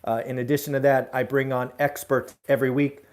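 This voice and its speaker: A man's voice: mid-range voice, level tone, brisk. A middle-aged man hosting a live daily real estate show from his room at home, giving direct, emphatic advice with frequent "uh" fillers. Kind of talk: live solo talk to camera.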